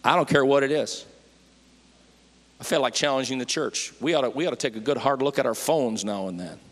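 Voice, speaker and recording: A man preaching a sermon in a church, folksy and fervent, with his voice rising to shouts at the peaks. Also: mid-range voice, brisk, in a large hall. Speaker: pastor. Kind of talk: Pentecostal-style sermon. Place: church sanctuary.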